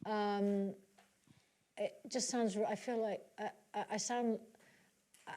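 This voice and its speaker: A woman's voice: medium pitch, flat delivery, slow pace, warm tone. A woman with a British accent speaking on stage in a conversation, hesitant, with many restarts and fillers. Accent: British English. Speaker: guest at a literary talk. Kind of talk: onstage conversation with audience questions.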